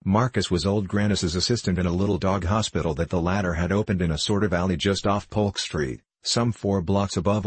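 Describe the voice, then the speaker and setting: Deep-voiced man reading a novel aloud. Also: husky, no room sound. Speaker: audiobook reader. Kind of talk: scripted narration of a novel.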